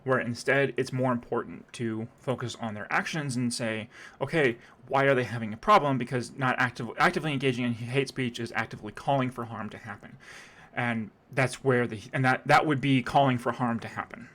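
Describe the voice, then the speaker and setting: A man's voice: medium pitch, fairly even intonation, fairly quick, fairly bright tone. Sarcastic rambling man reacting to a clip. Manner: rambling, sarcastic, many restarts. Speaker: streamer reacting to a video. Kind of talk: casual reaction commentary.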